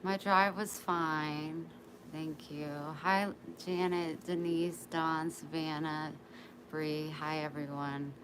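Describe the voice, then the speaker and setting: A woman's voice: deep voice, flat delivery, slow. A middle-aged woman hosting a casual livestream from a living room on a phone, chatting and greeting her viewers by name. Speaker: livestream host. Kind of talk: casual live-stream chat. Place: living room in a home, indoors. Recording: noisy home livestream.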